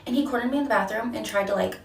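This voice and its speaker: A woman's voice: fairly high pitch, very fast, reverberant, far from the mic, a little hiss or hum. A woman telling gossip in a casual makeup storytime, sassy and talking straight to her viewers. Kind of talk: casual get-ready-with-me storytime.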